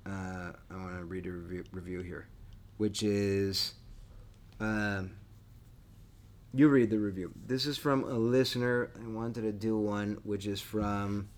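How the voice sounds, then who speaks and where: A man's voice: fairly low pitch, steady tone, measured pace. A man co-hosting a history podcast in casual chat, enthusiastic and eager as he wraps up the episode. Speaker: podcast co-host.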